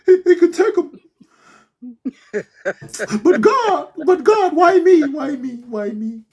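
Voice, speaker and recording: A man's voice: very high-pitched, sing-song, slow, highs cut off, a crowd in the background, pitched above the performer's own voice, full character voice. A man doing an anguished, bewildered sufferer. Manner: exasperated, pleading.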